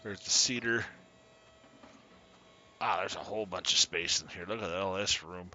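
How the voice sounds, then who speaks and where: A man giving casual commentary while streaming a farming game, chatty and quick to laugh as he greets his viewers. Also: low-pitched, pushed and bright, muffled recording, a little hiss or hum. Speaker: gaming streamer.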